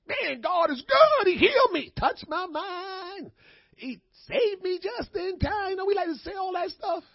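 A man, preaching with lively swings from hushed asides to full shouts. He calls out to the congregation as he goes. The sound is dull and lo-fi, very dry and close. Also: sits high, breathy edge, no room sound. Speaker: pastor. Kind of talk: sermon. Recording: dull, lo-fi sermon audio.

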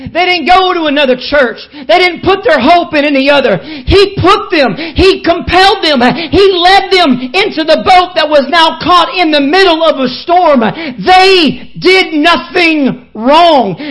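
A woman preaching a sermon to a congregation, impassioned and rhythmic, dropping to soft low asides and then rising to shouts. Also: rough recording. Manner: repetitive rhythmic preaching cadence. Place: church with live congregation.

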